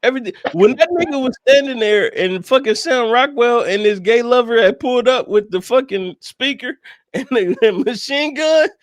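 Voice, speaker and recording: Man, high voice, dry close sound, animated profane film chat, podcast co-host. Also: moderate pace, no room sound. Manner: animated, profane, laughing often. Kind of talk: casual movie review chat.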